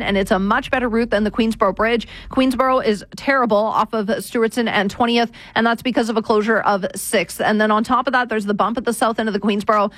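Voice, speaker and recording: A woman giving a brisk radio traffic and weather report. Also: a little high, a bit bright, no echo. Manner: brisk, rapid-fire delivery.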